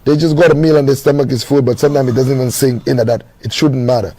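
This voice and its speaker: A man's voice: medium pitch, fairly even intonation, fast, mellow. A man speaking as a talk show guest, earnest and emphatic. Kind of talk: casual chat.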